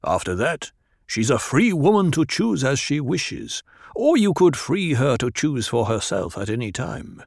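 Guy doing a grave stern tribal chief, low and flat, dry sound. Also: a little slow, vocal fry, no room sound, exaggerated voice. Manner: grave, commanding, low and even. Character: Stilgar, stern older male tribal chief.

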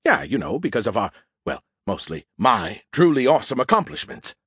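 A man's voice: medium pitch, sing-song, a little fast, a bit bright, breathy edge, no echo, clean studio sound, exaggerated voice. A man voicing a boastful, snarky male AI that lives in a beer can, in a raised, self-important tone. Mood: smug.

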